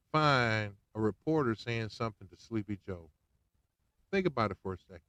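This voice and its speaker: Animated slangy man ranting on a podcast. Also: mid-range voice, no room sound. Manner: animated, slangy, swings between loud and hushed. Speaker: podcast host. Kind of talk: casual political rant.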